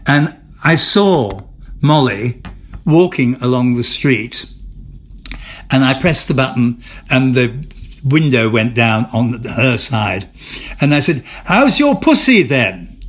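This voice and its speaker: A man's voice: medium pitch, slow, long pauses, breathy edge. An older man, an actor, telling stories in an interview, theatrical and amused, often repeating and restarting his words. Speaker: interview guest, former soap actor. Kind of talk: candid anecdotal chat.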